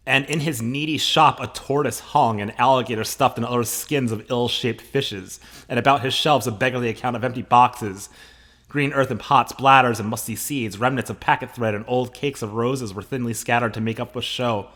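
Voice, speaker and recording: A man's voice: medium pitch, steady tone, normal speed, a bit bright. A man teaching a play, reading the lines aloud with feeling and then explaining them in casual, joking asides.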